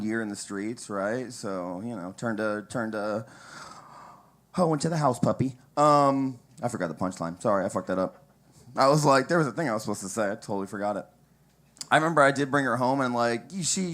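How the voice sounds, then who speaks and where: A man's voice: on the low side, a bit bright. Crude rambling young male stand-up comic. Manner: casual, crude, rambling with asides and laughs at own jokes. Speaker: stand-up comic at an open mic. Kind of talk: stand-up comedy set.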